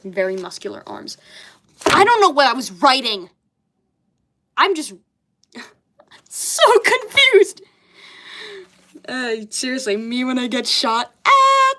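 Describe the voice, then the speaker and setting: A woman's voice: medium pitch, a bit bright, slight background noise. A young woman in casual chat, bemused, swearing often and laughing at herself as she goes through old childhood drawings. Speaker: artist reviewing her childhood comics.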